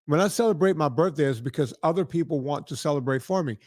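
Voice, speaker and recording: This man's voice sits on the high side and moves fast, captured in clean studio sound with no room tone. Hosting a podcast, he wanders through casual stories and keeps asking "right?" along the way.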